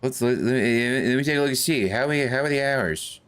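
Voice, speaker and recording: A man's voice: medium pitch, brisk, a bit bright, clear, resonant tone. A young man casually talking through game stats while playing with friends. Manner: laid-back, muses aloud over game stats. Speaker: gamer co-player. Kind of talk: casual gaming banter.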